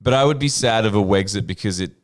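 A young Australian man co-hosting a casual chat, animated and quick to laugh along. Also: fairly low pitch, a crowd in the background. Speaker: podcast co-host.

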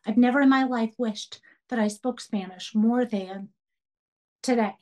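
A woman's voice: fairly high pitch, measured pace, warm tone. A middle-aged woman teaching a women's Bible study, earnest and preaching with repeated questions. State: tearful while telling a story.

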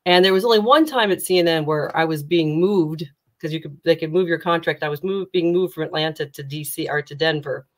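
Animated middle-aged woman telling her story. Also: brisk. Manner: animated, with sharp rises in pitch when retelling tense moments; frequent restarts and self-corrections. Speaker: guest, career coach and former reporter. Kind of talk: candid interview storytelling.

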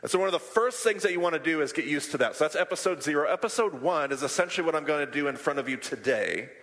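Bright-voiced man teaching in a hall. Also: on the high side, quick pace. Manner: animated, has the audience repeat Hebrew words. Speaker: podcast teacher. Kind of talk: teaching talk to a live group. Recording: long hall reverb.

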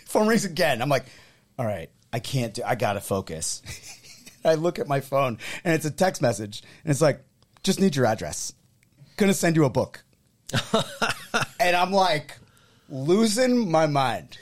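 A man's voice: fairly high pitch, a little slow, pauses often. A man hosting a sports podcast, chatting casually and acting out quotes as he tells a story. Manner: animated storyteller, acts out quotes. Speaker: podcast host.

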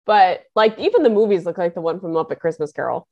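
A woman in her thirties co-hosting a podcast, chatting casually and teasing her co-hosts with quick wit. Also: on the low side, expressive, a little mellow, dull audio. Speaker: podcast co-host. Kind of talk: casual chat.

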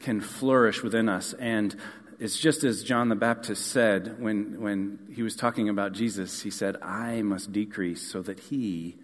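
A male pastor preaching a sermon in a relaxed, conversational storytelling way, with frequent fillers and restarts. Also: medium pitch. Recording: long church hall reverb.

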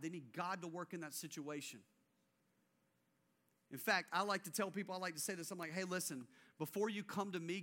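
A male pastor preaching a sermon, animated and acting out biblical figures, then dropping into quiet intensity. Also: high-pitched.

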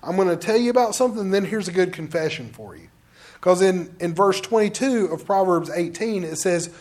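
A man's voice: high voice, lively intonation, fairly quick, a little mellow. A man pastor preaching a sermon in a conversational, direct way to his congregation.

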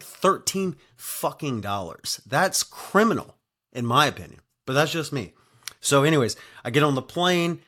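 A man's voice: lowish voice, a bit bright. A man telling a travel story in a casual, rambling monologue, full of swearing, fillers and tag questions. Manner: rambling and profane, heavy on fillers and "right?".

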